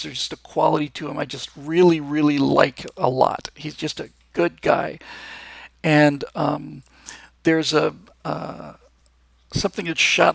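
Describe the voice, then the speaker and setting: A man's voice: on the high side, vocal fry, a bit bright, slightly rough, no room sound. A man hosting a live show, talking in a casual, enthusiastic and rambling monologue, with frequent restarts. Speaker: host.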